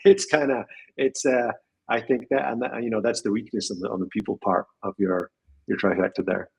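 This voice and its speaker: A man's voice: fairly low pitch, steady tone, fairly quick, gravelly, darkish tone, slightly rough, rough recording. A man who runs a tech company, speaking as an interview guest in a thoughtful, rambling way. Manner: thoughtful, rambling with restarts and small laughs. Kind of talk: casual interview conversation.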